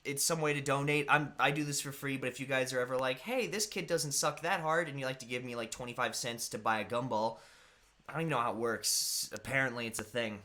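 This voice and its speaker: Bright-voiced chatty young man. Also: mid-range voice, little pitch movement, quick pace. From United States. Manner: rambling, chatty, greets viewers by name. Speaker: live stream host. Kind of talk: casual live stream chat.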